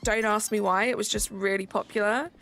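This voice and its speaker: A woman's voice: mid-range voice, fairly quick, a little hiss or hum. A woman in her thirties hosting a gaming livestream, chatting casually and rambling with lots of fillers. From United Kingdom. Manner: relaxed, rambling, many "like" fillers. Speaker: livestream host. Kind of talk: casual chat while gaming, reading chat. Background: faint background music.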